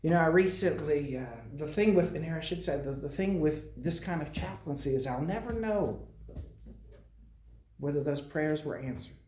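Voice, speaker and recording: A man's voice: on the high side, darkish tone, reverberant. A man serving as a hospital chaplain, giving an informal, conversational message to a congregation, with frequent restarts and repeated phrases. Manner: halting, conversational storytelling with frequent restarts and repetitions. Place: meetinghouse worship room.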